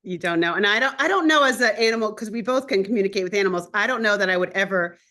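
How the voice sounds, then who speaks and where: Female interview host, mid-pitched voice, chatty and lively, laughs through her stories. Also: rapid-fire. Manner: animated storytelling, laughs often. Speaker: host and astrologer. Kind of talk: casual conversational interview.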